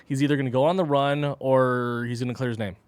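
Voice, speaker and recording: A man guesting on a podcast as a comic artist, talking quickly with lots of fillers in a casual chat. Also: medium pitch, fairly even intonation, clear, resonant tone, no echo.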